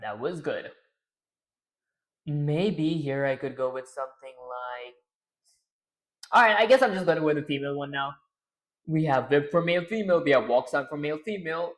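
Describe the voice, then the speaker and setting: A man's voice: a little high, expressive, moderate pace, pauses often, a bit bright. A man hosting a programming livestream, chatting casually, narrating his own steps and answering questions from the chat. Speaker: livestream host.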